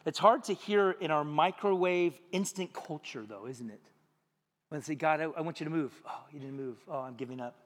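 High-voiced animated man preaching. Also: fairly quick, big-room sound. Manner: animated, acts out voices and jokes. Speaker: pastor. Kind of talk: sermon. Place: church sanctuary.

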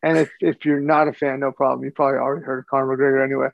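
A man's voice: mid-range voice, little pitch movement, very fast, vocal fry, no echo, lo-fi sound. A man co-hosting a podcast, talking in a loose, rambling way and repeating words as he thinks. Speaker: podcast co-host. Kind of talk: casual chat.

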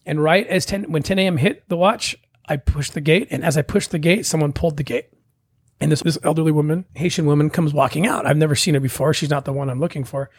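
Husky-voiced man telling a story. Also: on the high side, fast talker, no room sound. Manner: animated, acts out quoted voices. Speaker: guest telling his story. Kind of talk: casual storytelling.

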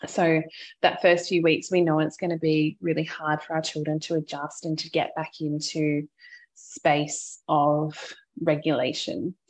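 Husky low-voiced woman telling a story. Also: level tone, measured pace. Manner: open, reflective storytelling with frequent laughter; speaks to listeners with gentle advice. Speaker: podcast host and mother. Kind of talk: candid personal podcast talk.

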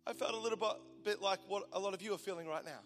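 Guy in his 40s preaching, high bright voice, booming hall reverb, soft music under it. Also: quick pace. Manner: impassioned, swinging from loud declaration to hushed intimacy. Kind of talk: sermon.

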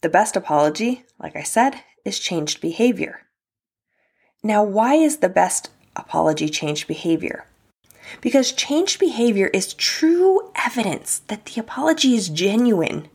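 A woman's voice: mid-range voice, big pitch swings, measured pace, darkish tone, husky. A young adult woman hosting a solo podcast, talking candidly and casually about apologies and relationships, with fillers and the odd swear word. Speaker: podcast host.

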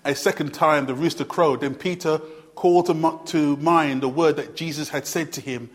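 A man preaching a sermon earnestly, repeating phrases for emphasis and swinging between loud and hushed delivery. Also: on the high side, fairly even intonation, normal speed. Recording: long hall reverb.

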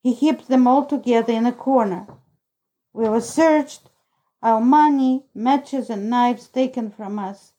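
A woman narrating a novel in the first person, reading in a steady, even storytelling way. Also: fairly high pitch, unhurried, poor audio. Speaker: audiobook narrator.

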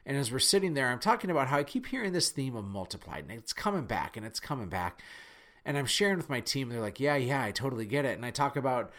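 A man from North Dakota with a Midwestern accent, telling a personal story in an animated, earnest, self-deprecating way. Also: medium pitch, fast. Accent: Midwestern American. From Fargo, North Dakota.

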